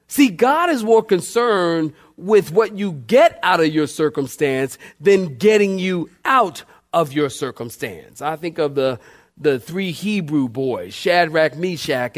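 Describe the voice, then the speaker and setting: A male pastor preaching a sermon with dynamic swings in pitch and loudness, calling out to the congregation. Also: expressive, slow pace.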